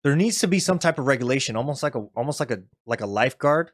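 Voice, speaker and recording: A man's voice: medium pitch, fast talker. A man co-hosting a podcast in casual, profane chat, often acting out other people's voices. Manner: profane, animated, acts out voices. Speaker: podcast co-host.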